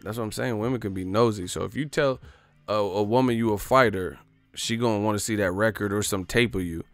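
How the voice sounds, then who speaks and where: A man doing loose, joking boxing commentary for his online channel, in slangy street talk with quick put-on voices. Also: fairly low pitch, no echo. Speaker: boxing YouTuber. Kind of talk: casual comedic boxing commentary.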